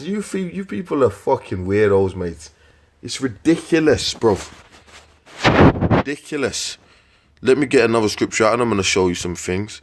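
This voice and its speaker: A man preaching scripture in a profane, scornful rant, with slang, repeated words and sudden loud outbursts. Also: mid-range voice, expressive, normal speed, pauses often, noisy background. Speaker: street preacher.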